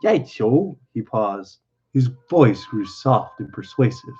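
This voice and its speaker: A man narrating a novel aloud on a stream in a steady, lowered voice. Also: normal speed. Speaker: reader. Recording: dull lo-fi.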